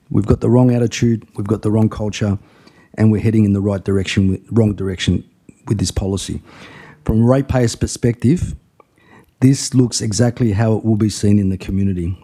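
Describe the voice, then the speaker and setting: Impassioned councilman, husky voice. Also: medium pitch, dark tone. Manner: impassioned, rhetorical, repetitive argument. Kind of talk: council meeting speech. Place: council chamber.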